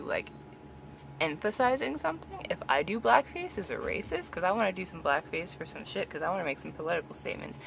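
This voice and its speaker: A woman with a lowish voice delivers a blunt, profane opinion rant straight to camera. She fires off rhetorical questions and swears freely. Her points keep rising into loud, emphatic bursts. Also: vocal fry, slight background noise. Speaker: vlogger.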